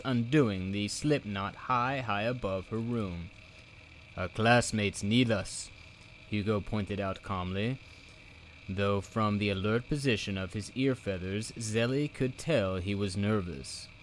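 A man with a low voice reads a children's book aloud at an unhurried pace. His delivery is measured and expressive, with a faint hiss of background noise.

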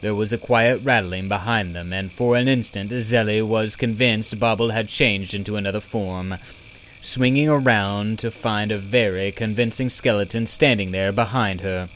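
A man narrating a storybook in a slow, measured reading. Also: fairly low pitch, fairly bright tone, a little hiss or hum. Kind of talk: audiobook narration.

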